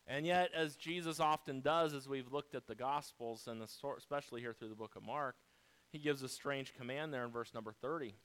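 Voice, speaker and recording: A man's voice: mid-range voice, a little fast, a bit bright, clean tone, poor audio. A man preaching a sermon as pastor. He speaks emphatically and asks the listeners rhetorical questions.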